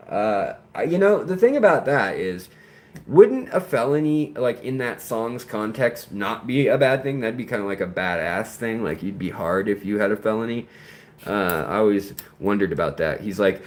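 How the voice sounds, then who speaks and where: A man hosting a casual livestream, chatting to viewers in a rambling, animated way and tripping over their names. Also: lowish voice, unhurried. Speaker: livestream host.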